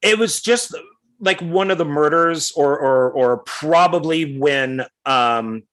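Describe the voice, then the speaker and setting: A middle-aged man co-hosting a podcast, telling a rambling story in a casual, animated way. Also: on the high side, takes it slowly. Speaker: podcast co-host.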